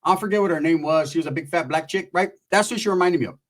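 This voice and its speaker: A man's voice: a little high, quick pace. A man telling a rambling, crude comic story in a laid-back, profane way. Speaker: comedian.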